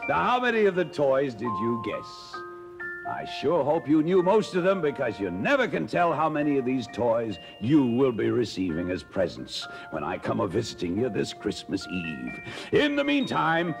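An actor playing a jolly old Santa Claus who hosts a toy-guessing game for children, with hearty chuckles and a coaxing manner, in a 1950s children's record. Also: male voice, medium pitch, wildly swooping pitch, normal speed, vocal fry. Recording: old mono LP with music behind. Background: music.

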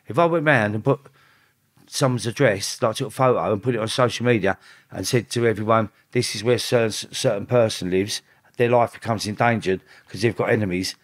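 A low-voiced man appears as a podcast guest, telling casual stories with swearing. He quotes other people in rapid back-and-forth exchanges, growing animated and rising in pitch as he does.

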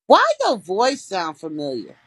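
A young adult woman hosts a livestream and talks straight to her commenters. Her voice is husky and swoops up and down as she teases them with a steady stream of profanity. She laughs often between remarks. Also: lowish voice, measured pace. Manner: profane, brash and teasing, calls out commenters. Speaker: livestream host reading comments. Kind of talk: casual livestream chat.

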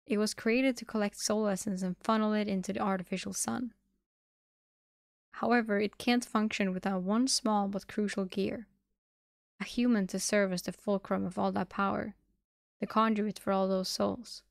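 Read aloud from a storybook, this is a weary young warrior woman, as a female reader puts her on whose hoarse, subdued voice carries a gravelly fry. The sound is dry and close. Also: medium pitch, fairly even intonation, normal speed, no echo, natural voice. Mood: grim. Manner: quiet, subdued.

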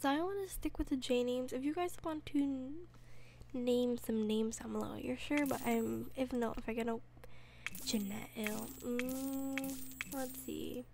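A woman giving casual gameplay commentary, excitable, with gasping exclamations and whispered asides. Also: on the high side, measured pace, gravelly, a little hiss or hum. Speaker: let's play gamer.

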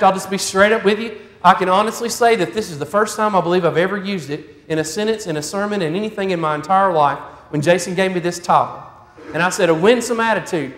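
A man's voice: high voice, a bit bright. A man preaching a sermon in a folksy storytelling manner. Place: church sanctuary. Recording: echoey church hall.

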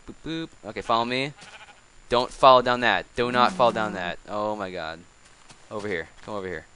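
A man's voice: on the low side, pushed and bright, a little hiss or hum, low-quality recording. A man giving casual gameplay commentary, coaxing animals along with exasperated, chatty asides. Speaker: let's play host.

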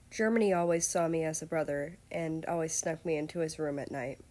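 A woman voicing a calm, reserved young male royal guard who speaks formally and evenly, in a low voice. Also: lightly acted. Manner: formal, polite and even.

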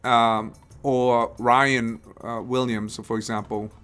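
A man talks off the cuff on a live stream, circling back and restarting his sentences as he goes. His voice sits at an ordinary middle pitch, with a trace of music far behind him. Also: little pitch movement, slow pace, fairly bright tone, smooth. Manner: rambling, repeats and restarts phrases, acts out quoted people. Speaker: host of a live investing show. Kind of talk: casual live-stream talk.

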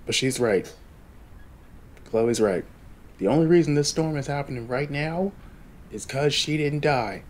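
A man's voice: fairly high pitch, lively intonation, measured pace, long pauses, slight background noise. A young man hosting a game let's play, chatty and talking straight to his viewers. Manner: chatty, addresses viewers directly. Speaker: gaming channel host.

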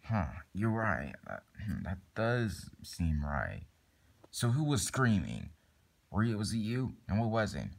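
A man's voice: lowish voice, big pitch swings, measured pace. Rambling young man voicing a toy skit. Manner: rambling, many fillers and restarts. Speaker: plush toy video maker. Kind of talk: improvised toy skit, doing all voices.

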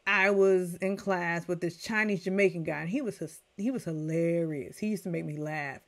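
A middle-aged woman reviewing a TV episode in a casual rant, chatty and animated as she talks straight to her viewers. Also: lowish voice, moderate pace. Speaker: TV recap reviewer.

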